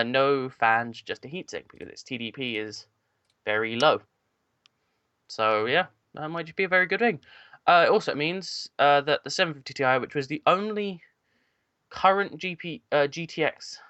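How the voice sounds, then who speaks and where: A man's voice: fairly high pitch, bright, forceful tone, clear, resonant tone, no echo. Man, podcast co-host, rambling tech chat, muffled dry lo-fi audio. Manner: rambling, filler-heavy tech talk. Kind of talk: casual chat. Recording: dull lo-fi dry sound.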